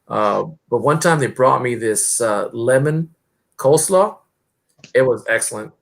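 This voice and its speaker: An American man chatting casually as a guest, meandering and halting with lots of pauses. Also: medium pitch, expressive, gravelly. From United States. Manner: meandering, halting with many uhs. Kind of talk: casual chat.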